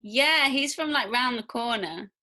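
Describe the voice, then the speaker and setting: A woman's voice: a little high, animated, a little slow, pushed and bright. A woman from near Birmingham with a Birmingham accent, hosting a casual, chatty interview and laughing easily. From English Midlands, near Birmingham. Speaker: host.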